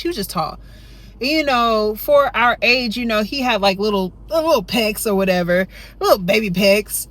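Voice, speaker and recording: Woman rambling through a storytime, kinda high voice, goes up loud when she acts out being a kid. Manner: chatty, rambling, full of "you know" and "right?"; jumps high and loud when acting out her younger self. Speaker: storytime vlogger. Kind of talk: casual storytime chat.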